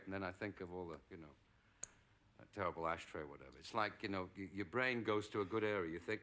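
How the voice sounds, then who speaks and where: Bright-voiced middle-aged English actor. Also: male voice, sits low, fast. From England. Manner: lively storyteller, acts out quoted voices. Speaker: actor, talk show guest. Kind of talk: anecdotal chat.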